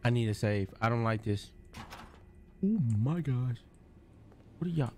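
A young man giving casual gameplay commentary, jumpy and loud, repeating exclamations and slang as he plays. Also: mid-range voice, animated, a little slow, a little hiss or hum. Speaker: gaming streamer.

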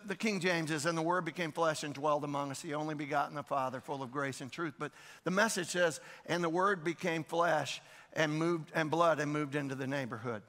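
A man gives a Sunday sermon in a loose, conversational way, repeating himself and checking in with the congregation as he goes. His voice is fairly high and bright. Long reverb from a large church sanctuary trails behind every sentence. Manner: conversational, repeats phrases, prompts the congregation with questions. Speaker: pastor.

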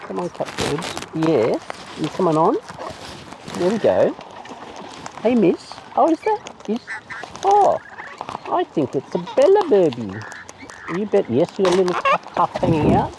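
A man's voice: sits high, wildly swooping pitch, a little slow, pauses often. An Australian man outdoors, coaxing and playfully teasing wild birds in a casual, sing-song way. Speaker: bird feeder filming wild birds. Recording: noisy outdoor recording with birds. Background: bird calls and outdoor sounds.

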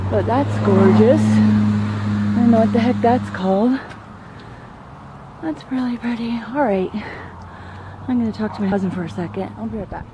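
A medium-pitched woman's voice, recorded muffled against a noisy background, chats to a handheld camera on a walk-and-talk vlog. Going uphill on an outdoor neighborhood trail, she's a bit winded, rambling, and easily awed, gushing about the views. The camera occasionally points away from her.

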